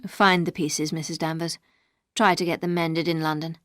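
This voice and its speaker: A woman voicing a gruff, brooding older aristocratic husband, speaking low, curt and measured. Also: flat delivery, fairly bright tone, no room sound, clean studio sound.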